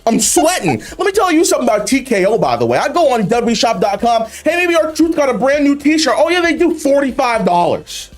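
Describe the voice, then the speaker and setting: A man's voice: very high voice, big pitch swings, brisk, few pauses. A man hosting a video, ranting about wrestling in an exasperated, profane way with heavy swearing. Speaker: YouTube host reacting to wrestling memes. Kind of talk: ranting commentary.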